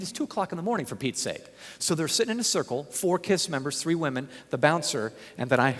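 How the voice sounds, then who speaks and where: A man speaking at a conference who tells a story in an animated, humorous way. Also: mid-range voice. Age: young adult. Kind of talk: storytelling talk. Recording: long hall reverb.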